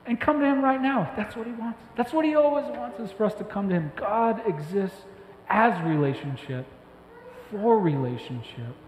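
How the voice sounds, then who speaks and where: Emphatic high-voiced preacher in an echoey hall. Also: male voice, normal speed, a little hiss or hum. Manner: emphatic, rising to excited bursts then dropping soft. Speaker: pastor. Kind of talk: sermon. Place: church hall. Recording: echoey hall with faint ambience.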